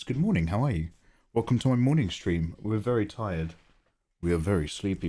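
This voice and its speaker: A man's voice: lowish voice, lively intonation, fairly quick, warm tone, slightly rough. A man chatting casually on a live stream while he draws, thinking aloud and greeting viewers by name. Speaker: livestreaming artist.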